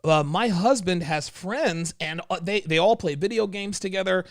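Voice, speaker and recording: A man hosts a relaxed conversation and tells anecdotes with lots of filler and false starts. His voice sits somewhat high, and the recording is dry with no room sound. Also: normal speed, dry recording. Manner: rambling, many fillers and restarts. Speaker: host. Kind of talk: casual chat.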